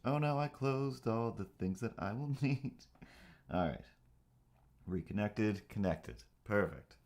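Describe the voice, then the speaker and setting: Male streamer with a lowish voice, goofy and rambling while setting up, slips into baby talk for his pet. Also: animated, slow pace, darkish tone. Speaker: livestream host. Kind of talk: casual solo livestream chatter.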